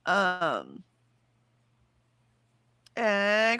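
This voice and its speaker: Lively woman livestream host, dry sound. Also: medium pitch, slow, pauses often, dry recording. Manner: chatty, lively, laughs often. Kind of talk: casual livestream chat reading out comments. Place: home, in bed.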